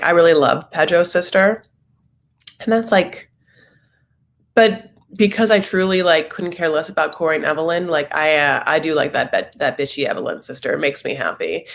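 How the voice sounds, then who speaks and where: A man with a fairly high, creaky voice and fairly bright tone chats through a reality-show recap from home, sitting cross-legged. He's campy and casual, addressing the viewer as honey.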